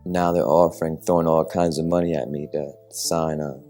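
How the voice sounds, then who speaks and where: A low-voiced man answers questions on a talk show. He sounds wry and amused as he speaks. Faint music plays underneath. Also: steady tone, normal speed, dark tone. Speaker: filmmaker interviewed.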